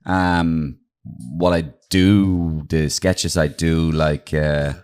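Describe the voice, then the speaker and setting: Deep-voiced Irish comedian telling stories. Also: male voice, very slow, clean tone. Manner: animated anecdotes, slips into voices. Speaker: guest comedian. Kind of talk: casual podcast storytelling.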